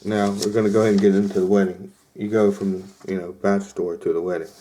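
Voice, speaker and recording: Young guy podcast host, low voice, rambly storytelling w/ lots of "like" and "you know". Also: level tone, fast talker, dark tone. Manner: rambling, many fillers and quoted asides. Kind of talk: casual storytelling.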